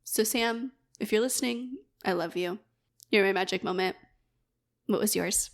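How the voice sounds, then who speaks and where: A woman's voice: medium pitch, moderate pace. A woman co-hosting a podcast, telling a story in a bubbly, gushing casual way. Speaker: podcast co-host. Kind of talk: casual chat.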